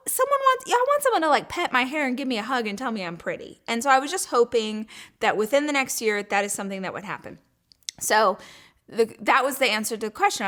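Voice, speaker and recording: A woman hosting her own talk show, telling a personal story in a gushing, animated way and acting out her own thoughts. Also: mid-range voice. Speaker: podcast host. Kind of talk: casual storytelling chat.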